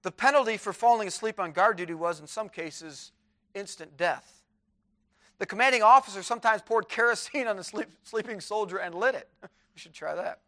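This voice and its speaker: A man's voice: sits high, normal speed, bright, forceful tone. A man preaching a sermon in a chapel, reading scripture aloud with fervor.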